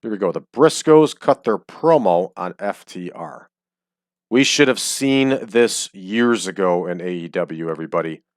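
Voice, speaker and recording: A man talking casually over his game with a fairly low voice. His chatter is jokey and loose, sprinkled with ums. The sound is dry and close, with no room around it. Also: lively intonation, a little slow, no room sound. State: hiccups. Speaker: game streamer. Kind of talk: casual let's-play commentary. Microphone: desk microphone.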